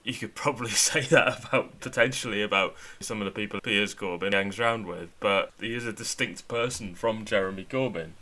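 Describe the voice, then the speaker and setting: A man co-hosting a political chat podcast, his delivery wry and deadpan as he mocks what he reads. His voice sits a little low but comes across bright and forceful. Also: a little fast, few pauses. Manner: sardonic, wry deadpan mockery. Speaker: podcast co-host.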